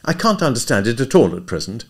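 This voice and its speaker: A man voicing a brisk, impatient young woman who speaks firmly. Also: medium pitch, very animated, vocal fry, breathy edge, full character voice. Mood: questioning. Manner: impatient, firm.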